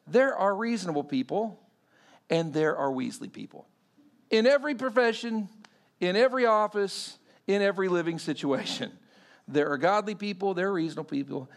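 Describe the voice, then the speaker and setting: A pastor giving a sermon in a conversational way, often quizzing the congregation. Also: male voice, sits high.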